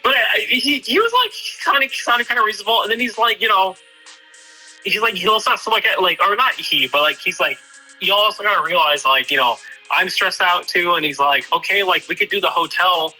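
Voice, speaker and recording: A man's voice: high voice, animated, a little fast, pushed and bright, faint music behind, poor audio. A man chatting casually with a friend, retelling a talk hesitantly with lots of fillers and "he's like". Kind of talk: casual chat.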